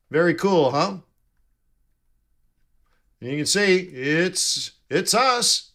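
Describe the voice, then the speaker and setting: Lively, bright-voiced man hosting a trading stream. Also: high-pitched, takes it slowly, pauses often. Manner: chatty, jokey, reads out chat and answers viewers. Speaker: live trading stream host. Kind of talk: casual live-stream chat.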